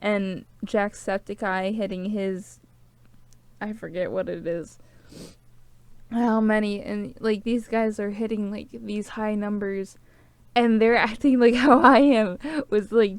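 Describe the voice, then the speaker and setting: A woman's voice: mid-range voice, no room sound. A young woman vlogging to camera, sniffling and tearful, rambling with lots of "like" fillers. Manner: rambling, heavy use of "like". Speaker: small-channel vlogger. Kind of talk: rambling casual to-camera chat.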